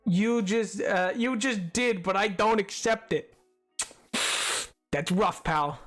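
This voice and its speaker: A man's voice: sits high, a little slow, fairly bright tone. A man streaming a game, chatting casually in a rambling, stammering, self-deprecating way into a desk microphone, with faint music behind. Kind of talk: casual gameplay commentary.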